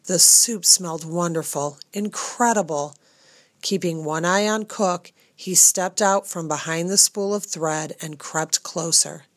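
A woman reads a children's storybook aloud in a measured, steady manner, now and then turning to address the reader directly. Her voice sits on the low side, and the recording is dry and close. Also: no room sound. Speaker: audiobook narrator. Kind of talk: scripted storybook narration.

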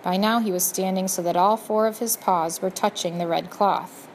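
A woman narrates a storybook aloud, turning now and then to speak straight to the reader. Her voice sits at an ordinary middle pitch, and a faint noise hums under the reading. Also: normal speed, few pauses, low-quality recording. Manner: addresses the listener directly, gently expressive. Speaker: audiobook narrator.

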